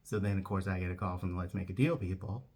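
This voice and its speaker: A man telling a comic anecdote who acts out every voice in an animated way. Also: sits low, quick pace, breathy edge. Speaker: comedic storyteller.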